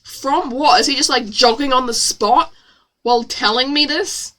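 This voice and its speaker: A woman's voice: sits high, moderate pace, sharp tone. A woman streamer reading her own old novel aloud with sarcastic, self-mocking commentary.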